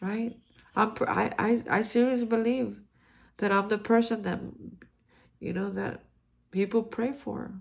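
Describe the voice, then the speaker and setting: A man's voice: high voice, fairly even intonation, a little slow, creaky, long pauses. A man hosting a daily recovery reflection, speaking in an earnest, encouraging way with frequent restarts. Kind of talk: heartfelt spiritual recovery talk.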